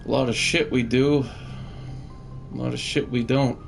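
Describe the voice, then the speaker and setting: A man's voice: mid-range voice, steady tone, moderate pace, vocal fry, faint music behind. A man giving casual, rambling gameplay commentary, swearing freely and laughing often. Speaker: gamer, channel host.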